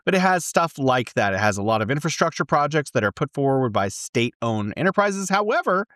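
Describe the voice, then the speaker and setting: A man chats casually and rattles off examples in an offhand way. His pitch moves up and down a great deal, and the recording is dry, with no room sound. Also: sing-song, brisk, a bit bright, no echo. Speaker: conversation partner. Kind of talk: conversational discussion.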